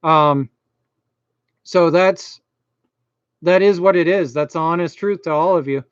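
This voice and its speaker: A man's voice: on the high side, a little slow, clear, resonant tone, dry recording, dull audio. A middle-aged man from Maine with a Maine accent and a slight lisp, chatting casually and self-deprecatingly on a live stream as a YouTube host.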